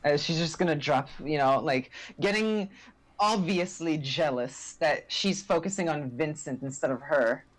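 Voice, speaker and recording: A woman's voice: sits low, unhurried. A woman playing a tabletop game, describing her moves in a hesitant way with many fillers. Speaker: player. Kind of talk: casual tabletop play.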